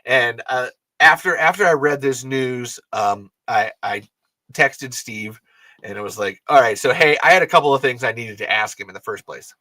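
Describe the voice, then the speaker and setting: A man's voice: mid-range voice, animated, normal speed, bright, forceful tone, no room sound. A man hosting a fan podcast, talking casually and rambling, frustrated and swearing often. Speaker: podcast host.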